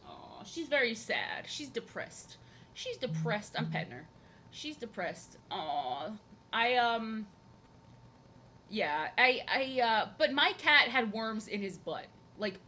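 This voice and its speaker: A woman's voice: very animated, a little slow, sharp tone, slight background noise. A young woman chatting casually while drawing on a live stream, rambling and talking to her cat. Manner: rambling, chatty, talks to her cat in a high sing-song. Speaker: art streamer.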